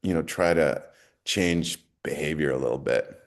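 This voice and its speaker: A man's voice: very deep voice, normal speed. A middle-aged man, a podcast guest, talking earnestly and reflectively about what he has learned. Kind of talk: casual interview talk.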